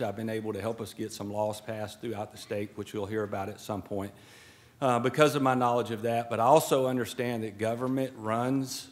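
A middle-aged man from Georgia, with a fairly low voice, is the guest speaker at a swearing-in ceremony, addressing an indoor event hall from a podium with a podium microphone. His informal speech is folksy and joking, sprinkled with preacher-like asides.

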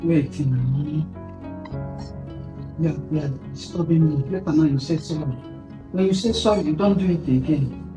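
A Nigerian woman vlogging at home, softly coaxing her child as she fixes its hair. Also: sits low, normal speed, pauses often, reverberant, over music, low-quality recording. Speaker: vlogger mother. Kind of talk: casual family vlog.

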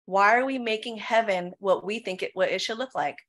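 A woman pastor of Filipino heritage, her voice at a medium pitch. She preaches in a lively Q&A setting, firing off rhetorical questions and driving each point home with "right?" and "come on.". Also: a little fast. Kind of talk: preaching in a Q&A session.

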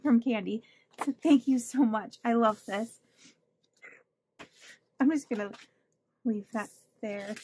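A woman's voice: medium pitch, darkish tone, slightly rough. A woman hosting a budgeting channel, chatting casually and gushing as she opens her mail, laughing often. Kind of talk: casual chat opening mail.

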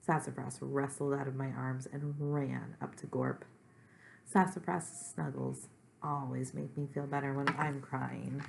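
A woman with a low, gravelly voice reads a children's book aloud at an unhurried pace. She plays the first-person narrator herself and breaks off for friendly asides to her young listeners, sometimes sinking to a soft whisper. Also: fairly even intonation, slight background noise. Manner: slow and gentle, with chatty asides to listeners, sometimes dropping to a whisper. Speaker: reader. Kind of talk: storybook read-aloud for children.

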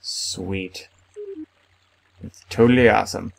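Young man, let's play host, low-pitched voice, casual gameplay commentary, playful outbursts. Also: steady tone, slow, gravelly. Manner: reads game text aloud, playful exclamations.

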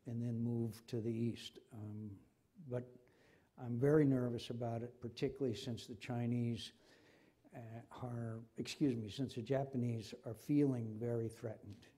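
Impassioned older man, husky and dark. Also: mid-range voice, steady tone, a little slow. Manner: impassioned, repeats himself when stirred. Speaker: senator. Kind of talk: forum conversation. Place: university forum hall.

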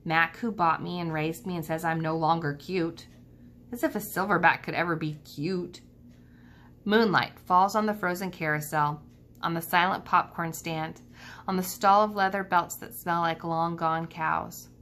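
A woman teacher reading a children's novel aloud, calm and steady. Her voice sits a little low and even, paced for young listeners. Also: normal speed, slight background noise. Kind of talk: children's book read-aloud.

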